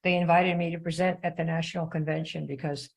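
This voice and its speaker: A woman's voice: on the low side, level tone, fast, gravelly, rough recording. An older woman hosting a live stream, giving frank, chatty sales advice full of asides. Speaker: host and sales coach. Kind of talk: live-stream teaching talk.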